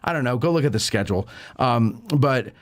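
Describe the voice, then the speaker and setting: A man's voice: medium pitch, lively intonation, a little fast. Rambling man hosting a casual show. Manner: rambling, unsure, many fillers. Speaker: radio show host. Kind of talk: casual chat.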